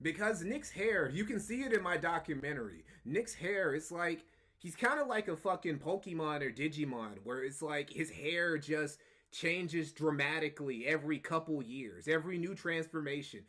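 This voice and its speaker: A man's voice: a little high, a bit bright. A man streaming live, giving casual, profane, mocking commentary and repeating points for emphasis. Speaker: streamer reacting to clips.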